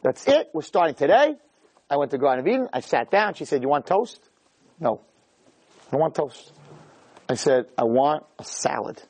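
A middle-aged man giving a jokey, animated storytelling talk as a rabbi, peppering it with "right?". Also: mid-range voice, moderate pace, long pauses, no room sound. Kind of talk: storytelling lecture.

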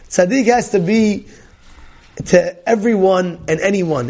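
A male rabbi giving a Torah class, telling animated stories, often laughing and repeating himself. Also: high voice. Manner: animated storytelling, many repetitions; laughs often while talking.

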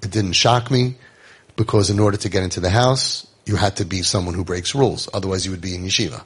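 Husky-voiced man telling youth-home stories. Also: low-pitched, fast. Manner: conversational, animated, acts out quotes. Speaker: founder of a home for troubled youth. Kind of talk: storytelling talk to parents.

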